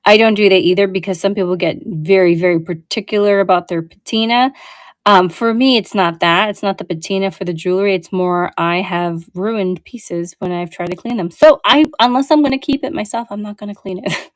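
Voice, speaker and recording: In a dry recording, a woman with a mid-range voice talks fairly quickly while hosting a casual live selling show. An online vintage jewelry seller, she chats with plenty of fillers and friendly asides as she shows off her pieces.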